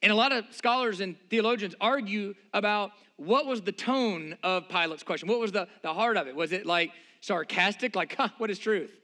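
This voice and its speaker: A man's voice: sits high, normal speed, hardly any pauses, bright, forceful tone. A man preaching a sermon as pastor, earnest and emphatic, asking the listeners repeated rhetorical questions.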